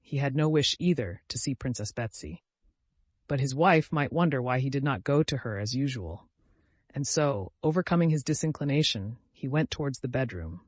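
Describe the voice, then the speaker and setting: A man narrates a classic novel in a steady, even storytelling manner, his voice sitting in an ordinary middle range. The recording is dry and close, with no room around it. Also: mid-range voice, no echo. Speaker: audiobook narrator. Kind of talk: scripted narration.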